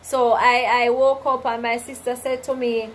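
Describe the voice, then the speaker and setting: On a rough recording, a woman with a somewhat high, level voice talks at a moderate pace. Hosting a laid-back livestream, she reads viewer comments and gives preachy advice rooted in faith, frequently asking "you understand?" and "right?".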